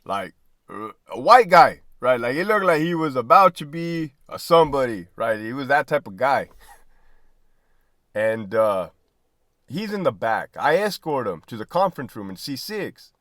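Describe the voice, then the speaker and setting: A man's voice: medium pitch, moderate pace, no echo, clean studio sound. A man who was a prison guard tells stories casually, swearing freely, laughing mid-sentence and tagging lines with "right?". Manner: animated, asks "right?" constantly. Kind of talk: casual storytelling.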